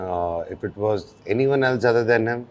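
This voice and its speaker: A man's voice: fairly low pitch, a little mellow, clear, resonant tone. A man with an Indian English accent, an actor telling stories in an interview and switching between English and Telugu. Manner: fast storyteller, switches between English and Telugu mid-sentence. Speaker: actor guest. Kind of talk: casual interview chat.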